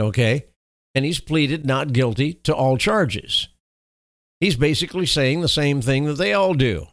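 A man's voice: medium pitch, no echo. A man giving opinionated commentary on political news, reading reports and adding wry, sarcastic asides. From Texas.

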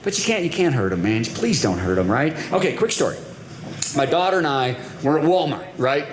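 A man doing a stand-up comedy routine, animated storytelling with quoted voices. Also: medium pitch, fairly quick. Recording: echoey live venue with loud background noise.

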